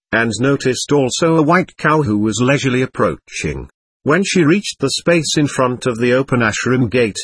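Husky man reading an audiobook. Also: mid-range voice, a bit bright, no echo. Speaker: audiobook narrator. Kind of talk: scripted narration.

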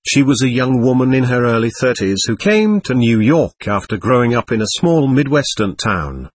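A man narrating an audiobook in a measured, even reading style. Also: mid-range voice, no room sound. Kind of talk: scripted narration.

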